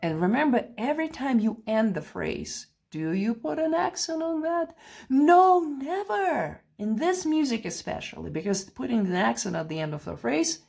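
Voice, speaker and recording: Gravelly-voiced piano teacher, woman. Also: on the high side, very animated, normal speed, few pauses, darkish tone. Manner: patient, explains with counting and spoken examples, laughs lightly. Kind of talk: play-along piano tutorial. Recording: piano heard faintly behind.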